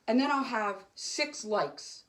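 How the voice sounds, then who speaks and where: A woman's voice: fairly high pitch, slow pace, a bit bright. A middle-aged woman doing solo stand-up to camera at home, rambling and emotional, jumping between topics. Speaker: stand-up comic. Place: home, alone.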